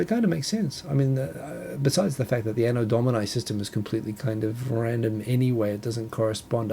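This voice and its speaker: A man's voice: mid-range voice, creaky, mellow, a little hiss or hum. A man from New Zealand with a New Zealand accent, hosting a casual solo talk show and rambling with self-corrections and chuckles. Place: home, Tokyo.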